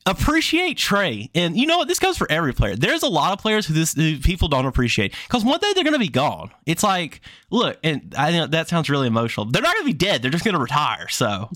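A man co-hosting a podcast, talking in an animated, exasperated way in casual sports chat. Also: on the high side, a little fast, few pauses, dry recording. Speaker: podcast co-host.

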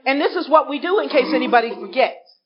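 A woman addresses a live audience at a recovery workshop, telling her own story and acting out the voices of those in it. Her voice sits high and she talks fast, animated all the while, on a dull lo-fi recording with a little hiss or hum.

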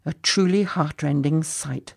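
Male narrator, storybook reading, slow, gravelly, measured. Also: fairly high pitch, darkish tone.

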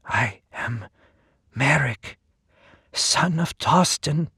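A man's voice: on the high side, steady tone, extremely slow, husky, no echo, studio quality, voice pushed up, exaggerated voice. A man doing a trembling, whispering wounded warrior. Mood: pleading. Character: wounded young male warrior, frightened. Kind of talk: storytelling podcast reading.

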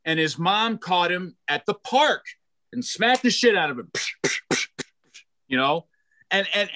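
A middle-aged man performing a stand-up set, loud and animated, self-mocking, stumbling over restarts. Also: on the high side, dry recording. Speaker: stand-up comedian.

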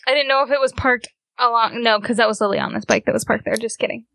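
A woman playing a tabletop role-playing game, excitable and asking questions. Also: a little high, fast, no echo. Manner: excitable, quizzical. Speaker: player. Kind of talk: casual tabletop game play.

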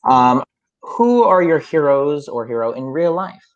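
A man hosting a casual podcast, reading questions briskly with quick playful quips, over a remote call. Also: a little high, big pitch swings, highs cut off. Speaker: podcast host asking questions.

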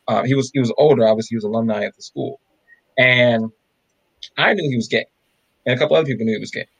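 A man's voice: medium pitch, vocal fry, muffled recording. A man co-hosting a podcast, telling stories in a casual chat and acting out the voices of the people he quotes. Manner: animated, acts out quoted voices. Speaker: podcast co-host.

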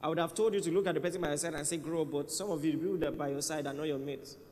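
A man's voice: fairly high pitch, rapid-fire, darkish tone. A man preaching a sermon in a church hall, conversational and emphatic, often repeating his key phrases. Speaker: pastor. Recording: reverberant church hall, faint ambience.

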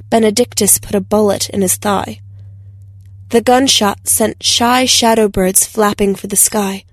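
A woman narrating a science fiction story in a steady, measured audiobook style. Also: medium pitch, no room sound, clean studio sound.

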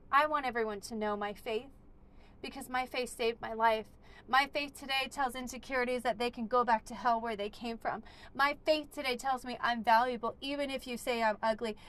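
A woman with a high voice talks about faith like a preacher. She builds to loud, emphatic declarations, then drops into soft, tender asides. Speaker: podcast host. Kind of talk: impassioned faith talk.

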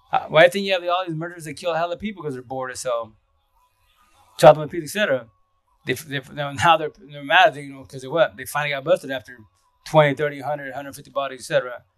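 A livestream host from Eastern Washington, USA, chats casually in a fairly high, slightly bright voice with no echo. He rambles in slang, laughs often, and greets viewers by name.

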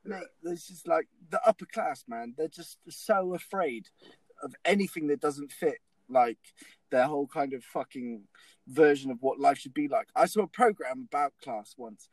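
A man's voice: on the high side, lively intonation, normal speed, no echo, poor audio. A young man telling comic stories in casual chat, swearing often and laughing along. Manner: swears a lot, laughs mid-story.

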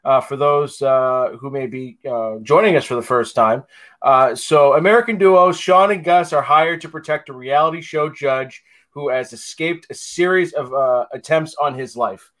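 This podcast co-host is a man with a mid-range, fairly bright voice who talks at a normal speed. His casual chat rambles, packed with fillers and frequent laughter.

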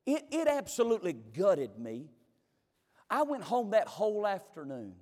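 Pastor, high-voiced, emphatic storyteller, long hall reverb. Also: male voice, wildly swooping pitch, moderate pace, a little mellow. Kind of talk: sermon.

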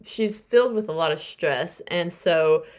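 Recapping a novel on her podcast, this young adult host speaks at a measured pace in a lowish, darkish voice. She keeps it casual and chatty, performing the characters' lines as she goes through the story.

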